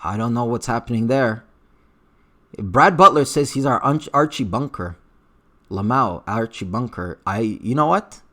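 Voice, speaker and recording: A man's voice: mid-range voice, a little slow, fairly bright tone. Blunt, profane man with an accent. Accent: unidentified accent. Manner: blunt and profane, with frequent fillers. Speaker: streamer reading live chat. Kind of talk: casual livestream commentary.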